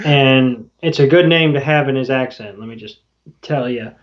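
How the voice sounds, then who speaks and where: A man's voice: medium pitch, normal speed. A man co-hosting a podcast, recapping an episode in loose casual chat and swearing now and then. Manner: loose and swearing, quoting characters in passing. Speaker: podcast co-host. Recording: dull lo-fi audio.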